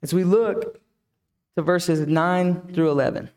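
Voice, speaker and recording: A man's voice: high voice, takes it slowly, a little mellow. A man preaching a reflective sermon who asks the listeners many questions. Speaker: pastor.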